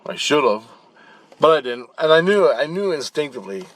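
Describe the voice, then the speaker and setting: A man's voice: on the high side, moderate pace. A man telling a long dream story in a casual, rambling way, blunt and profane, with frequent restarts and repeated words. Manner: animated, acting out the action as he tells it. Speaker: channel host recounting spirit-world dreams.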